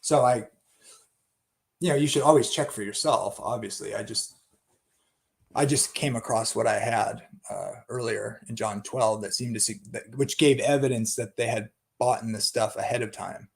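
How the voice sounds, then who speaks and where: A man's voice: mid-range voice, fairly even intonation, normal speed, gravelly. A man giving an unscripted Bible study talk, thinking aloud with many restarts and asides.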